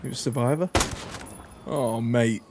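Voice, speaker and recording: A man giving excitable gameplay commentary, joking and exclaiming as he plays. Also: medium pitch, measured pace, heavy background noise. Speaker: gaming YouTuber.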